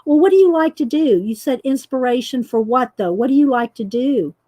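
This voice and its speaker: A woman's voice: high voice, expressive, a little fast, warm tone. A middle-aged woman, hosting a casual coloring livestream, chatty and laughing often as she greets viewers. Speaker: livestream host demonstrating coloring.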